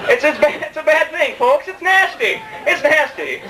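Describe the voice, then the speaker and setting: A man's voice: very high-pitched, expressive, brisk, hardly any pauses, sharp tone, a little hiss or hum. A young man performing a rambling, self-mocking stand-up comedy set, joking with the crowd in a club. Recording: distant mic in a live club, faint room ambience.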